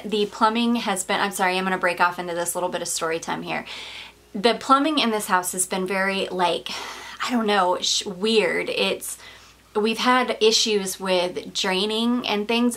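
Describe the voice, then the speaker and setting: A woman's voice: mid-range voice, fairly bright tone. A woman reviewing perfumes in a casual vlog, gushing and rambling with fillers and small laughs, slightly out of breath.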